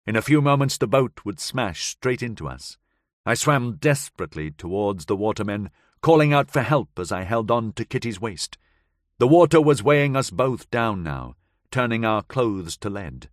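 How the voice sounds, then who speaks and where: A man reads a suspenseful audiobook in the first person, measured and dramatic, his pitch rising and falling expressively. He sits close to the mic in a dry, deadened booth. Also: big pitch swings, no room sound. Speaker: audiobook narrator. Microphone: close studio mic.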